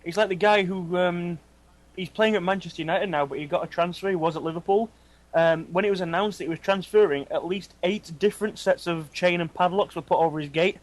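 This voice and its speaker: A man in casual banter with friends, chatty and quick to laugh. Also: sits high.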